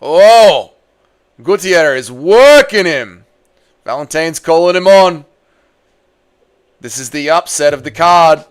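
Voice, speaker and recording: A young Australian man on a livestream, chatting with viewers, reading their messages, swearing freely and shouting at a fight as it unfolds. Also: a little high, lively intonation, slow pace, pauses often, smooth. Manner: swears freely, reads chat aloud, yells at the fight. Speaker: streamer. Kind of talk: casual livestream chat and fight reaction.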